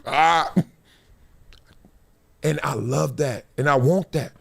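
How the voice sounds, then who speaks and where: A man's voice: on the high side, slow, creaky, fairly bright tone. A man hosting a live sports talk show, telling stories in a preachy, playful way, acting out quotes and laughing often. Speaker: host.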